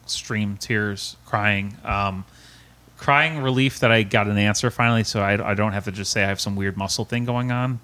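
A man's voice: on the low side, a bit bright. A man telling his own story as a podcast guest. He speaks earnestly and emotionally, restarting often and repeating words. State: close to tears at times. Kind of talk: personal storytelling in an interview.

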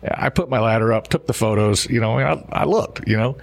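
A man's voice: mid-range voice, brisk. A jovial man who works as an insurance adjuster, rambling through stories in a casual podcast chat. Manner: jovial, rambling, full of fillers.

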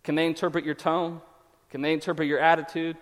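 A man preaching a conversational sermon as a pastor, acting out quick quotes as he goes. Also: on the high side, flat delivery. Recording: reverberant hall.

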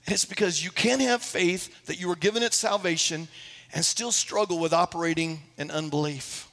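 High-voiced gravelly preacher in a hall. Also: male voice, normal speed, a bit bright. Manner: preaching, storytelling with acted quotes. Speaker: pastor. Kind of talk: sermon. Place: church sanctuary.

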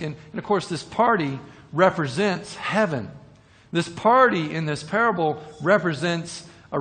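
A man's voice: fairly high pitch, fairly bright tone, in a large hall. A man preaching a sermon, retelling a parable with repeated words and rhetorical questions.

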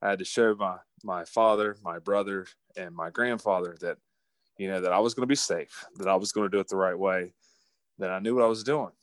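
Man, low voice, animated folksy storyteller, dry recording. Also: fairly quick, no echo. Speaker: guest. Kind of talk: casual storytelling.

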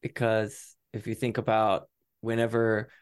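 A man's voice: lowish voice, completely flat delivery, measured pace, clean tone. A man co-hosting a podcast in casual chat, easygoing and teasing, often chuckling. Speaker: podcast co-host.

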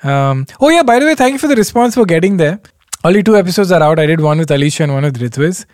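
A man's voice: on the high side, sing-song, fast talker, darkish tone, dry recording. Man, solo podcast host, loose rambling chat, chuckles a lot, dry close sound. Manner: rambling, self-deprecating, chuckles often.

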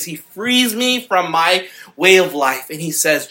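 A male pastor preaching a sermon with earnest passion, growing louder and more fervent on key points. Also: high voice, unhurried, few pauses.

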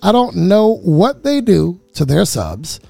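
A man's voice: high-pitched, huge pitch swings, takes it slowly, gravelly, mellow, dry recording. A man co-hosting a casual radio chat show, chatty and emphatic, who repeats himself for effect. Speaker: co-host.

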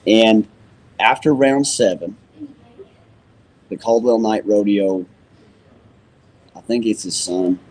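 A man's voice: on the low side, takes it slowly, pauses often, low-quality recording. A man, a rodeo announcer, telling stories in a casual interview and acting out the dialogue he quotes. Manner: animated storyteller who acts out quoted dialogue. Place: museum.

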